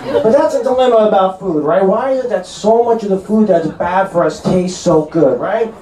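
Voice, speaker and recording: On a comedy club stage, a brash, crude North Jersey comedian in his 30s does his set in a high-pitched, dark-toned voice, tossing in quick asides. The roomy venue carries audience laughter and slight background noise.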